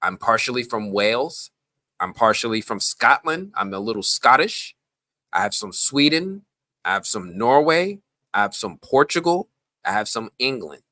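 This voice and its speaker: A man's voice: mid-range voice, normal speed, dry recording. A man from the Bronx hosting a live stream, chatting casually and rambling off on tangents. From the Bronx, New York. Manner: animated, rambling, goes off on tangents.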